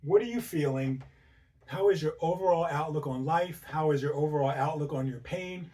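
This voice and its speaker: Man, fairly high voice, casual health talk, keeps asking "right?", a bit distant from the mic. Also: normal speed, dark tone. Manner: conversational, rhetorical questions, frequent "right?". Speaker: host. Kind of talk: informal health talk to camera.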